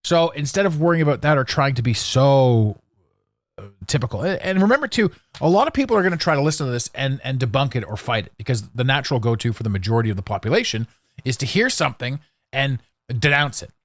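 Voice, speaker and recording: Male podcast host, solo monologue; lively pitch, blunt and sarcastic, dry close sound. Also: quick pace, no room sound. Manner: animated, blunt and sarcastic, with restarts.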